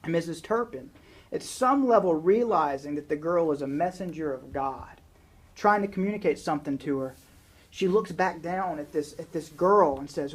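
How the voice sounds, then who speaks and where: A man's voice: on the high side, moderate pace, husky, rough recording. A man preaching a sermon, talking conversationally and reading a long story passage aloud.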